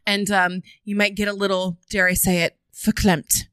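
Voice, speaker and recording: A woman co-hosting a podcast in casual chat, playful and often laughing, sometimes dropping into a low sultry voice. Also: level tone, a little fast, fairly bright tone, clean tone, dry recording, clean studio sound. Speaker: podcast co-host.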